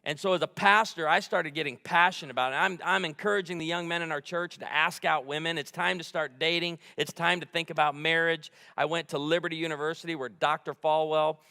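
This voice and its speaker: A man preaching a sermon as pastor, animated and fired up, telling humorous stories from a church stage. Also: fairly high pitch, fairly quick, gravelly, few pauses. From United States. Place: large church sanctuary. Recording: long hall reverb.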